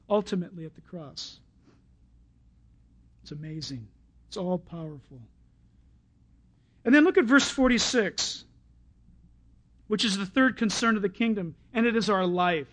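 A male pastor with a high voice delivers an animated sermon. He reads scripture and acts out its characters, and at the peaks he cries out at full volume. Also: low-quality recording.

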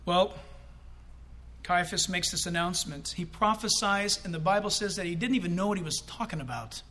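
A male pastor delivering an animated, conversational sermon in a church, with quick asides to the congregation. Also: sits high.

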